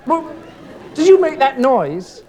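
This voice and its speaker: High-voiced man playing a TV interviewer. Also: very animated, dark tone, some chatter behind. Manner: mock TV presenter, gets exasperated and fast. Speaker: comic interviewer. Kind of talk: live sketch comedy. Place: theatre stage. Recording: live theatre with audience noise.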